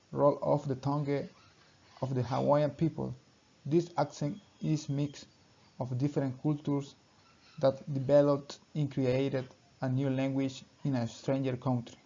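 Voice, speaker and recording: A young man giving a class presentation, reading in short halting phrases with small grammar slips. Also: medium pitch, mellow. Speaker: student presenter. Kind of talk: class presentation read aloud. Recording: dull lo-fi recording.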